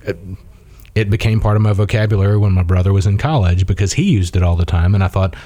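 A man's voice: sits low, fast talker, warm tone, dry recording. A man from Mississippi chatting casually as a guest, telling rambling stories with many fillers and restarts. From Mississippi, USA. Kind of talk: casual conversation.

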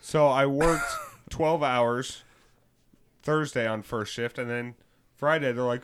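A man's voice: mid-range voice, steady tone, slow pace, pauses often, a bit bright, clean tone. A man co-hosting a podcast, telling a rambling work story in casual chat. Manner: rambling storytelling with fillers and restarts. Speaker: podcast co-host.

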